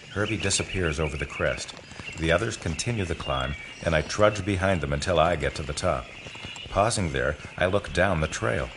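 A man's voice: sits low, normal speed, noisy background. A man narrating an audiobook in the first person, telling the story expressively. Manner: expressive storytelling that voices the boys.

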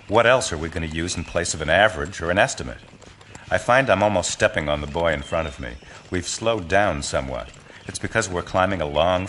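Deep-voiced, expressive male audiobook narrator. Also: slight background noise. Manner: expressive storytelling that voices the boys. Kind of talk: scripted first-person audiobook narration.

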